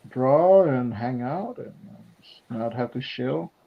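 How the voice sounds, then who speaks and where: Gravelly guy rambling along as host, kinda muffled lo-fi sound. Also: mid-range voice, lively intonation, slow. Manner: rambling, hesitant. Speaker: podcast host. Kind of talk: casual chat while drawing.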